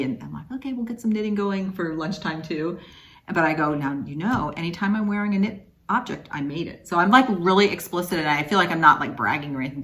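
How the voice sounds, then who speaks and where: A woman's voice: low-pitched, a bit bright. A woman who teaches, co-hosting a crafting vlog and telling stories in an enthusiastic, casual way, full of "like". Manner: enthusiastic storyteller, lots of "like". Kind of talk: casual chat between sisters.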